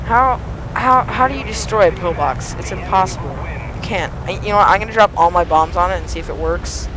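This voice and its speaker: Excitable teen guy over loud game noise. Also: high voice, fairly quick. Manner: excitable, yelps and pleads at the game. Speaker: gaming YouTuber. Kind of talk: let's play commentary. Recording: noisy game audio behind voice. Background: engine and gunfire game sounds.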